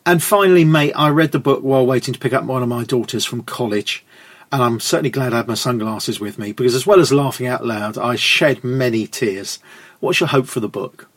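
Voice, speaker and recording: A man's voice: mid-range voice, fairly quick. A middle-aged man hosting a podcast, friendly and upbeat as he asks questions and signs off the show. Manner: upbeat, friendly sign-off patter. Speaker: podcast host.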